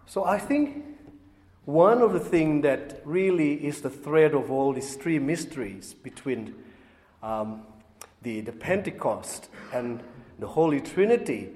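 Priest, male, slow and measured homily, long church reverb around the voice. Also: fairly high pitch, lively intonation, darkish tone. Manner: measured, thoughtful delivery with asides and rhetorical questions. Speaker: Catholic priest.

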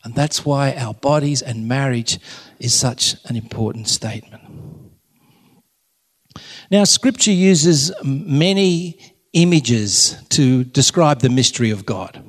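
A man giving a live faith talk, a relaxed and jokey storyteller speaking to an audience in a large hall. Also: medium pitch, takes it slowly. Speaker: Catholic speaker. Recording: long hall reverb.

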